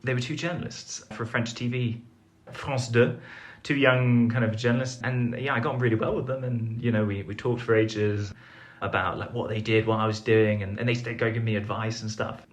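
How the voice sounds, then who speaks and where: On a podcast, a young English foreign correspondent spins a rambling story at his own expense, packed with fillers and false starts. His medium-pitched voice stays steady at a moderate pace with hardly any pauses, in a casual interview setting.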